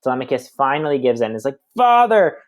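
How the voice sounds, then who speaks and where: A man's voice: fairly low pitch, fast talker, darkish tone, dry recording. A young man teaching, reading passages aloud and then explaining them in casual words with fillers.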